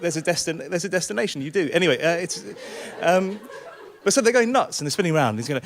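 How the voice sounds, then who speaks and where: A man's voice: fairly high pitch, lively intonation, fast. Wry, rambling male storyteller. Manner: wry, rambling, self-mocking. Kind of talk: live storytelling. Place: small theatre stage.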